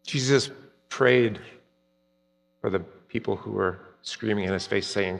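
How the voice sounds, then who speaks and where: A man preaching a sermon earnestly, rising for emphasis and dropping soft at key points. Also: fairly low pitch, measured pace, gravelly, pauses often. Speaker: pastor. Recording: long reverb, hall-like.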